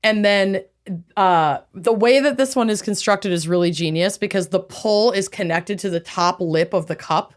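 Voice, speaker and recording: Chatty woman podcast co-host. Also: mid-range voice. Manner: chatty, quick reactions and laughs. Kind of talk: casual chat.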